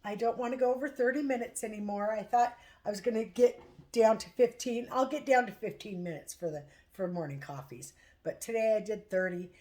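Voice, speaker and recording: A middle-aged woman chatting casually at home in a vlog, rambling and halting as she talks. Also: on the high side, warm tone. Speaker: vlogger. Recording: echoey room, far from mic.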